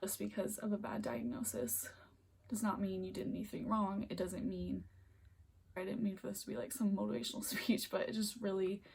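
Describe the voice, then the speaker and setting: Young woman filming herself on her phone at home, teary and rambly, husky gravelly voice, keeps slipping into whispers. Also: medium pitch, a little fast, darkish tone. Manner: earnest, rambling, often breaks into near-whispers. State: emotional, close to tears. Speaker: vlogger. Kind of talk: emotional personal vlog. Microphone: phone camera.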